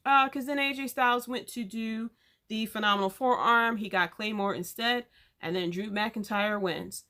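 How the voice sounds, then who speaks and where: A woman's voice: on the high side, moderate pace, sharp tone. A woman hosting a podcast, casually recapping an event in a chatty, rambling way with frequent fillers and restarts. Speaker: podcast host.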